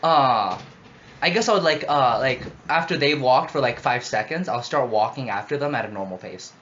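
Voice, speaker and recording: A man's voice: medium pitch, lively intonation, normal speed, a bit bright, a little hiss or hum. A young man playing a tabletop game, hesitant and full of fillers. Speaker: player. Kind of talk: casual tabletop play. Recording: dull, roomy home recording.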